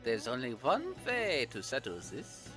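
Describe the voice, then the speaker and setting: A woman's voice: very deep voice, wildly swooping pitch, measured pace, over music, pitched below the performer's own voice, heavily acted. A woman voicing a suave male prophet with showy French flair, reading game dialogue aloud with smug theatrics.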